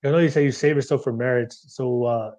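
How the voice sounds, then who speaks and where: A man hosting a podcast, asking questions in a halting, casual way with many fillers and easy laughs. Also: medium pitch, steady tone, darkish tone, low-quality recording. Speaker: host.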